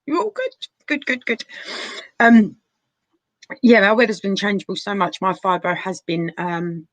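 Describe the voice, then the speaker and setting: A woman's voice: mid-range voice, a little slow, no room sound, poor audio. A woman chatting through a live tarot reading from her sofa at home, calling viewers darling and honey. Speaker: tarot reader. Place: living room sofa at home.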